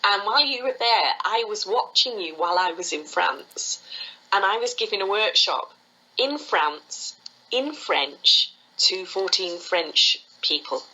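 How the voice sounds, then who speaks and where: A woman, a foot reading teacher telling stories quickly and with animation as a guest in an interview, often laughing. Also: mid-range voice, lively intonation, pushed and bright, rough recording. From England. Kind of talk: conversational storytelling interview.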